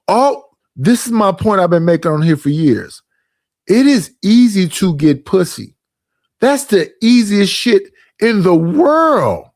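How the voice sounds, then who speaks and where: A man's voice: sits high, very animated, measured pace, darkish tone, no room sound, studio quality. A man streaming reaction commentary in a blunt, profane, ranting manner, with speech.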